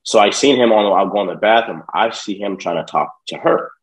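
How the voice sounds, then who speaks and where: A young man with a lowish voice talks fairly quickly, the audio poor, as a podcast guest spinning a long personal story. He swears a lot and acts out the people involved in a profane, streetwise, animated way.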